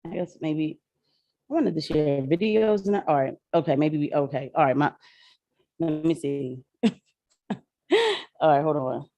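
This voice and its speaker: A woman's voice: deep voice, a little slow, pauses often, dry recording, dull audio. Slangy woman chatting live with viewers. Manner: chatty, slangy, animated, addresses viewers as y'all. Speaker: political commentator livestreaming. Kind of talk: casual livestream talk.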